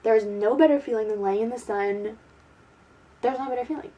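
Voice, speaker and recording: A woman's voice: on the high side, moderate pace, mellow, muffled recording. A young woman chatting casually to her camera as a beauty vlogger, giggly and peppered with "like". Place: at home, sitting indoors.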